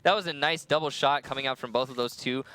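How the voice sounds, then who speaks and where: Bright-voiced male esports caster. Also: mid-range voice, quick pace. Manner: analytical, animated color commentary. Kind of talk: live esports commentary.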